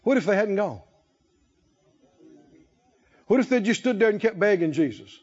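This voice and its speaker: A man's voice: sits high, very animated, normal speed, highs cut off. A man preaching a sermon, telling stories dramatically and acting out the voices of the people in them. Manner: dramatic storytelling, acting out voices, shouting peaks.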